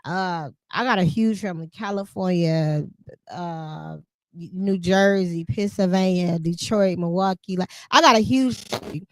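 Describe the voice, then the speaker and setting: Animated woman podcast host, dry close sound. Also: fairly low pitch, unhurried, dry recording. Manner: animated, emphatic, laughs often, speaks in vernacular. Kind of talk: casual conversational chat.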